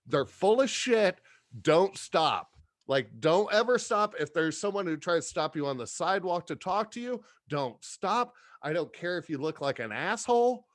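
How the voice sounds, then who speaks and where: A man's voice: sits high, animated, normal speed, no echo, clean studio sound. A middle-aged man telling rambling, profane stories in casual chat, often laughing as he talks. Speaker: podcast guest.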